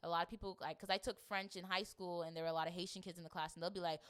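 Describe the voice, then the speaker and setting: A young woman from a Jamaican family, co-hosting a podcast in casual, laughing chat and mimicking people in high voices. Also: flat delivery, rapid-fire, fairly bright tone, smooth. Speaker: podcast co-host.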